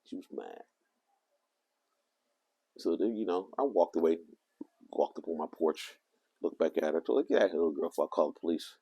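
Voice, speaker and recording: A man with a low, husky voice tells a rambling personal story for his vlog. His delivery is animated, and his pitch leaps around as he swings from loud to hushed. There is a gravelly edge throughout. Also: a little fast, pauses often. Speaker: vlogger.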